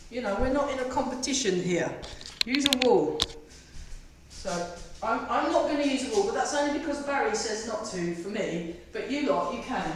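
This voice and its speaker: A woman with a fairly high voice runs a tai chi fitness class, counting out reps and giggling through chatty, self-mocking remarks. She's captured from far off the mic in an echoey space, with a bit of background noise.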